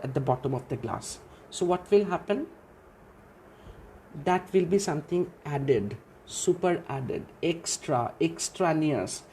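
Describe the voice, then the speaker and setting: A woman's voice: deep voice, a little mellow, a little hiss or hum. A woman giving a literature lecture, who asks questions and answers them herself and often repeats phrases. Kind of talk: classroom lecture.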